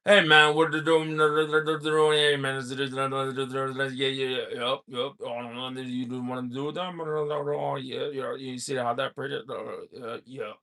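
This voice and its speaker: A man putting on a mumbling cartoon neighbor guy, slurred words that are hard to follow, pitched lower and quieter than his own talk, soft and murmured. A laid-back, half-swallowed cartoon drawl. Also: flat delivery, takes it slowly, gravelly, hardly any pauses, full character voice.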